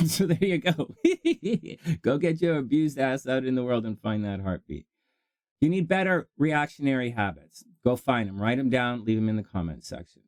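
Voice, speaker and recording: A man hosting a rambling self-help monologue, jokey and animated, often laughing and answering his own questions. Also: medium pitch, normal speed, no echo. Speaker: self-help video host.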